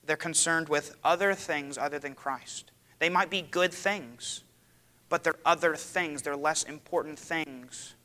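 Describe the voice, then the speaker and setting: A man preaching a sermon to his church, dramatic and building to loud cries. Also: fairly high pitch, a little slow. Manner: dramatic, rising to loud cries when quoting. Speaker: pastor.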